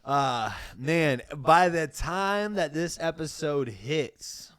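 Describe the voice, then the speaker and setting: A man's voice: a little high, animated, slow, fairly bright tone, smooth, dry recording. A young man co-hosting a podcast, chatting casually and rambling with restarts. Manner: laid-back, rambling, laughs often, restarts phrases. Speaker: podcast co-host. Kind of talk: casual chat.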